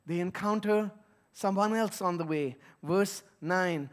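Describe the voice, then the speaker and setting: A man's voice: high-pitched, a little slow. A man giving an earnest, emphatic sermon as a pastor, reading scripture and explaining it.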